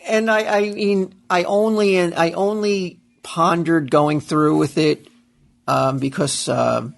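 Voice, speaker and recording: A man's voice: fairly high pitch, steady tone, takes it slowly, gravelly. A man hosting a show, chatting casually and rambling with many fillers. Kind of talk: casual chat.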